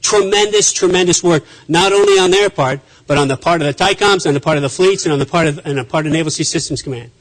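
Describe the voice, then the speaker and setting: A man's voice: fairly high pitch, fast talker, hardly any pauses, poor audio. A man who is a naval officer, giving an emphatic conference speech and often repeating phrases with restarts.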